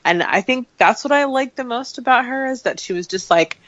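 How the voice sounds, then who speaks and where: A woman's voice: fairly high pitch, expressive, a little fast, fairly bright tone, no echo. Woman, podcast panelist, chatty, dry lo-fi sound, casual.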